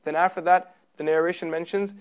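Emphatic high-voiced male religious teacher. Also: steady tone, a little fast, clear, resonant tone. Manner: emphatic, with rhetorical questions to the audience; swings between loud stress and soft low passages. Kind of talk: sermon-style class.

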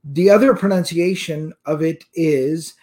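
A man teaching a religious lesson in a slightly raised voice. He explains patiently, repeating key terms slowly for emphasis. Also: a little high, warm tone. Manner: recites Quranic verses in Arabic. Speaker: Islamic teacher. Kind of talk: religious lecture.

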